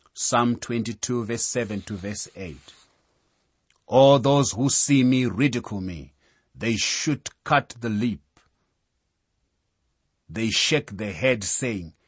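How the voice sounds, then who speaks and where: A man preaching a sermon in a solemn, deliberate way, reading out scripture references. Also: medium pitch, breathy edge, no echo.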